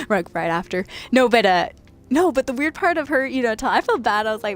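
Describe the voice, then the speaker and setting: Speaking fast and animated in a fairly high voice, this Washington state woman streams games late at night over soft background music. Her talk is casual, full of laughter and shout-outs to viewers by name.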